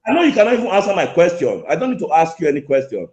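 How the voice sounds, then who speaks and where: Racing and very animated, a slightly high, slightly mellow voice belongs to a man calling a show to complain angrily. Heard on an echoey lo-fi phone call, he repeats his points and keeps interrupting the host.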